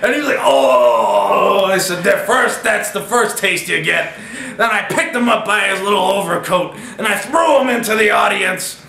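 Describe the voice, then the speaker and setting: A man telling a boastful comic story as a brash character host, blustering and breaking into shouts. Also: high voice, moderate pace, gravelly, reverberant, poor audio. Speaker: comedy character host of a self-defense segment.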